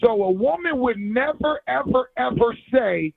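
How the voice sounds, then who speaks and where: A man's voice: expressive, unhurried, creaky, no echo, soft background music. A man calling in to a talk show, speaking emphatically and preaching his point. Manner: emphatic, preachy, rising to a fervent pitch. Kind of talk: casual call-in discussion. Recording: tinny phone line, dry.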